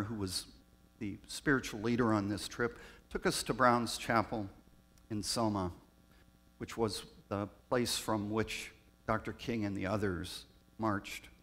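A man, a pastor raised in Southern California, telling personal stories in a reflective sermon with pauses. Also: fairly low pitch, steady tone, a bit bright. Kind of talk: storytelling sermon.

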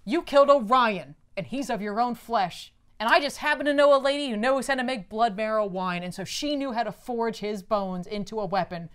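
A woman loosely acting out a furious, triumphant superhero escape artist, taunting his father in a raised, loud voice. Her pitch sits on the high side, and she stays close to her own speaking voice with a gloating edge. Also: a little fast, few pauses, clear, resonant tone, natural voice. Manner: gloating retelling, peppered with "like".

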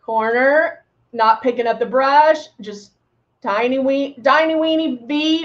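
A woman's voice: sits high, animated, measured pace, lo-fi sound. A woman giving a live makeup tutorial, chatty and bubbly, throwing in playful sound effects as she works. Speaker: makeup demonstrator.

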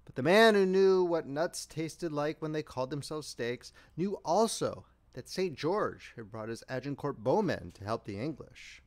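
A man reading a horror tale aloud with dramatic, expressive delivery. His voice sits a little high and swings widely up and down, rising and dropping with each turn of the story. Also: normal speed, hardly any pauses. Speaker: audiobook narrator. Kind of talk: scripted narration.

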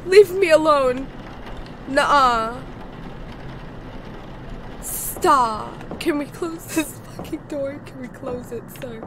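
A woman's voice: sits high, takes it slowly, pauses often, background noise. A woman streamer commentating on a horror game, frightened, screaming and swearing as she plays. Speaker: gaming streamer.

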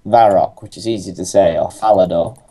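A man's voice: deep voice, fairly quick, mellow. A young man playing a game with a friend, teasing and sarcastic in casual chat. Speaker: co-host gamer.

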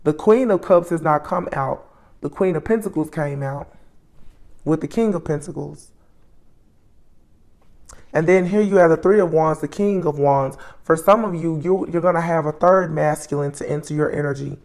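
A woman giving a solo tarot reading, musing aloud as she names each card, with soft exclamations along the way. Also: sits low, normal speed. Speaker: tarot reader.

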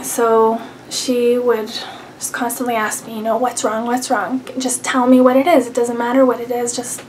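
A young adult woman telling a personal story to camera, earnest and soft-spoken, with frequent ums and likes. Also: on the high side, slight background noise, poor audio. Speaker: vlogger.

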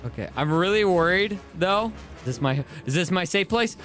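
A man giving casual let's-play commentary as a gaming YouTuber, excitable and panicky, repeating himself in bursts and breaking into yelps and shouts. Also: high-pitched, fairly quick, hardly any pauses, no echo, soft background music.

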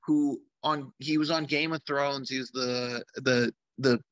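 A man's voice: mid-range voice, steady tone, measured pace, fairly bright tone, dry recording, highs cut off. A man who makes films, speaking casually and eagerly in a recorded video, rambling with lots of fillers. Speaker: filmmaker.

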